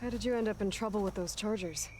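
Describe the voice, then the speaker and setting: An actress voicing a calm, curious young woman hunter in a video game, speaking in a soft, measured way. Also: medium pitch, background noise, lightly acted.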